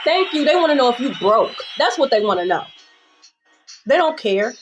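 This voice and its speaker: A woman's voice: on the high side, very animated, normal speed, muffled recording, over music. A young adult woman giving a casual tarot reading monologue, blunt, profane and sassy, repeating phrases for emphasis. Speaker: tarot reader.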